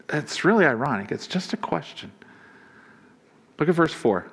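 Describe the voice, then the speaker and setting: A male pastor preaching a sermon in a relaxed, conversational way. He chuckles often and acts out quoted lines. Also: fairly high pitch, unhurried, husky.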